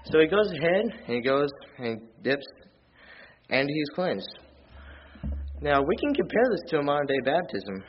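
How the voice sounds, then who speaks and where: A man preaching a sermon in church, reading scripture aloud in a plain, earnest way and rising in pitch and volume on his key points. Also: very animated, normal speed, long pauses, dull audio, a little hiss or hum. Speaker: lay preacher.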